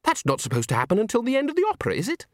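A man doing a high haughty young opera diva. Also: wildly swooping pitch, racing, darkish tone, dry recording, studio quality. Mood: indignant. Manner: haughty, hissing. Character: prim young female opera singer.

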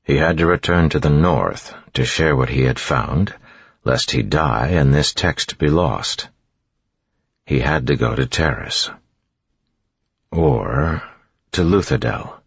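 Very deep husky male audiobook reader, steady delivery, dry and dull recording. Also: slow, pauses often, dry recording. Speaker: audiobook narrator. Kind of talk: scripted narration. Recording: dull, dry studio sound.

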